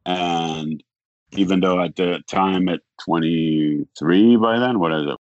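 A man talking as a podcast guest, telling a long story in a rambling way, acting out the other people's lines and filling pauses with "like". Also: low voice, no room sound, highs cut off. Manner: rambling, acts out quoted dialogue, frequent "like". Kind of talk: casual storytelling.

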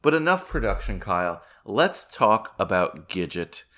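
A man co-hosts a casual film-review podcast at an unhurried pace, animated and laughing often. When quoting, he acts the lines out in a higher voice.

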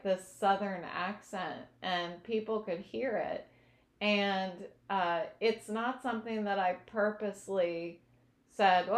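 A woman speaks slowly and earnestly, giving a reflective personal testimony as an interview guest. She pauses to search for words. Her voice carries in a roomy, echoing space. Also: medium pitch. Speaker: guest sharing her recovery story. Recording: echoey room.

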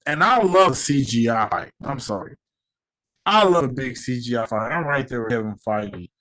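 A man's voice: medium pitch, expressive, moderate pace, pushed and bright. A man hosting his own podcast, talking casually with lots of slang and swearing, giving heated opinions. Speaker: podcast host. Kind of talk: casual solo podcast rant.

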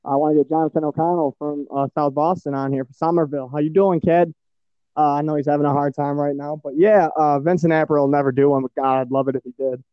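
A man's voice: on the high side, fairly even intonation, fast, no echo, dull audio. A man from Michigan with a Midwestern American accent, hosting a podcast in casual, profane, rambling chat full of fillers. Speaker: podcast host.

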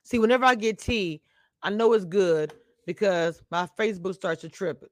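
A woman's voice: mid-range voice, normal speed, no room sound, studio quality. A woman hosting a casual live stream, chatting straight to her viewers and laughing often as she talks. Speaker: live-stream show reviewer.

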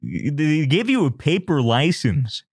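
A man's voice: a little high, sing-song, slow pace, a little mellow, husky, no room sound, clean studio sound. A man in casual podcast chat, joking crudely and swearing a lot.

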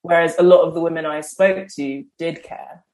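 A woman's voice: low-pitched, moderate pace, a little mellow. A woman in her twenties with an English accent, a journalist guest chatting casually on a podcast, laughing often and filling with "like". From England.

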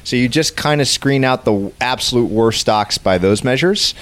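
A man hosting a finance podcast, explaining ideas in a measured way. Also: medium pitch, a bit bright. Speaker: podcast host, quant investor. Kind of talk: casual podcast conversation.

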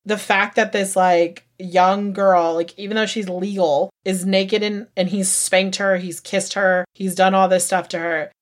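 A woman's voice: medium pitch, flat delivery, measured pace, hardly any pauses. A woman hosting a podcast, recapping a true-crime story in a heated, profane, emphatic way. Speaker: podcast host.

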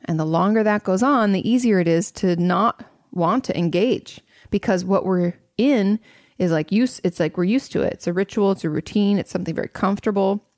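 A woman therapist talks through listener questions in plain, frank terms and doesn't shy away from swearing. Her mid-range voice carries a lot of vocal fry. The sound is close and dry, with no room echo. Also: medium pitch, a little fast, darkish tone. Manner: blunt and candid, swears freely. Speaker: therapist host answering audience questions. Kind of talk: casual advice talk.

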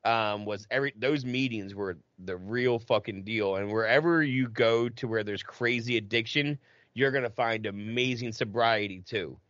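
A man's voice: lowish voice, moderate pace, fairly bright tone, no room sound. A man hosting a casual conversation, chatty and swearing, laughing easily. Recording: dry, dull lo-fi sound.

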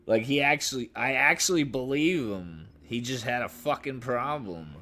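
A man's voice: medium pitch, animated, moderate pace, sharp tone. A young man co-hosting a casual podcast, laid-back and laughing, swearing freely as he tells stories. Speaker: podcast co-host. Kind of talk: casual chat.

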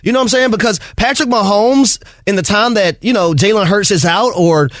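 A man's voice: high-pitched, fairly quick, a bit bright, no echo, clean studio sound. A man co-hosting a sports radio show, giving emphatic opinions in a playful, laughing way. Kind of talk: sports talk show banter.

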